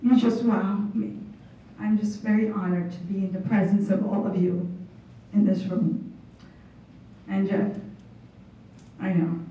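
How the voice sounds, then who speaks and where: A woman in her late thirties speaks from the heart as an honored student, emotional and earnest. Her voice is mellow and comes from well off the mic, washed in the long echo of a big hall. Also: medium pitch, little pitch movement, unhurried, long pauses, a little hiss or hum. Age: 30s. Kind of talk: unscripted acceptance speech. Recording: echoey hall from far off, dull.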